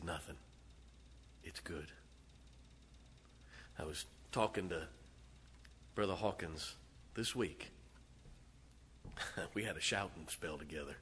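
A man preaching a sermon as pastor, emphatic and laughing between lines, swinging from loud to soft. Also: on the low side, slightly rough. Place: large church auditorium. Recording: long hall reverb.

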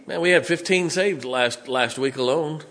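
A man's voice: a little high, moderate pace, a bit bright. A man preaching a sermon, folksy, joking and blunt as a pastor speaking to his congregation.

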